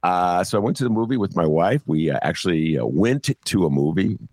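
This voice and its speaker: An older man hosting a talk show, chatting casually with animated, jokey asides. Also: sits low, fairly quick, no echo. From Chicago area, US. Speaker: podcast host. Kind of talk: casual chat.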